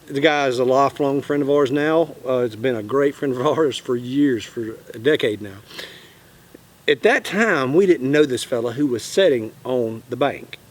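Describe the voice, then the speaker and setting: A man, telling a fishing story in a casual, animated way and acting out the quotes. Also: medium pitch, moderate pace. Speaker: channel host.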